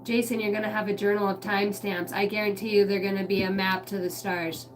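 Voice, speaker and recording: A woman's voice: mid-range voice, little pitch movement, quick pace. A woman giving a casual tarot reading on a livestream. She talks bluntly and chattily and swears freely. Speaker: tarot card reader.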